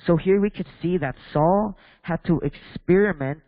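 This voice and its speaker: A man with a high voice preaches a bilingual sermon in church, reading scripture, switching between English and Spanish with halting restarts, and questioning the congregation. The phone-quality audio has no room sound but still suggests a big room.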